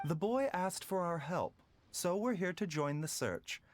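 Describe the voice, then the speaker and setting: A man voicing a calm, courteous doctor in a video game, overly polite in a way that sounds sarcastic. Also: high voice, a little slow, slight background noise.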